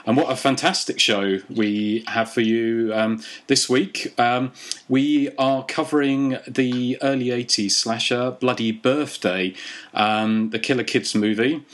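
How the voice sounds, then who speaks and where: Male podcast host, mid voice, halting casual delivery. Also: medium pitch, fairly even intonation. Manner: hesitant, many ums and restarts.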